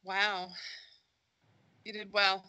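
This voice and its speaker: A woman co-hosting a podcast, chatty and giggly, her voice a little hoarse. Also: mid-range voice, level tone, very slow, pushed and bright, highs cut off. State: losing her voice. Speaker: podcast co-host. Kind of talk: casual podcast chat.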